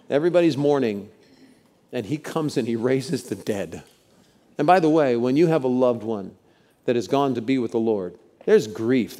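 A man preaching a sermon, expressive, sometimes dropping to a hushed, soft voice. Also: medium pitch. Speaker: pastor.

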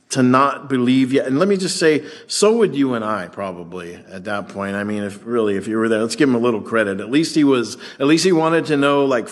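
A man preaching a sermon as pastor, conversational and animated, acting out the voices in the scripture he reads. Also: medium pitch.

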